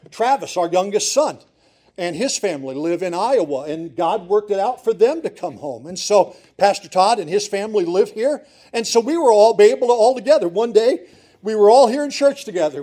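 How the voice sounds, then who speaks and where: A man's voice: sits high, mellow. A middle-aged male pastor preaching a sermon in church, earnest and pleading, repeating words for emphasis.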